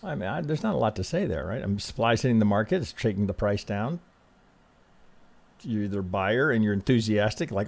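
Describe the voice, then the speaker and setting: A man hosting casual chart analysis, speaking in a calm, reassuring way, often restarting sentences and checking in with "right?". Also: lowish voice, fairly quick, gravelly. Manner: conversational, frequent restarts, ends thoughts with "right?". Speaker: trading analyst host.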